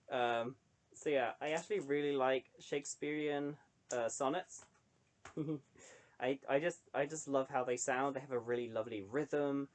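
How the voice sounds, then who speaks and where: A young adult man chatting casually to camera, rambling with lots of ums and wry asides. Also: mid-range voice. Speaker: online creator reading poetry.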